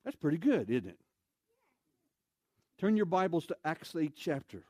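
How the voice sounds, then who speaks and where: Animated preaching man, dry close sound. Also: a little high, unhurried, husky, no room sound. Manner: animated storytelling, acts out voices, shouts for emphasis. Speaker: pastor. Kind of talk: sermon. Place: church sanctuary.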